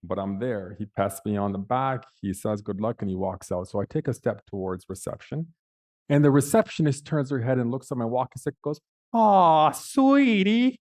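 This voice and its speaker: A man's voice: on the low side, fairly quick, warm tone. A man on a panel telling a personal story in a vivid, dramatic way with big swings in emphasis. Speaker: panel speaker.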